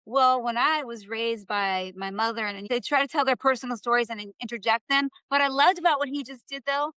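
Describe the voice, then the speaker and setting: Bright, clear-voiced woman panelist. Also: on the high side, a little fast, no room sound. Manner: earnest, thinking aloud with fillers. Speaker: panel guest, author. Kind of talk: casual political discussion.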